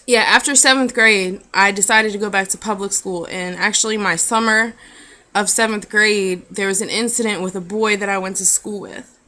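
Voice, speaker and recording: A young woman vlogger telling a personal story in an earnest, halting, emotional way. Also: medium pitch, pushed and bright. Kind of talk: personal confessional vlog.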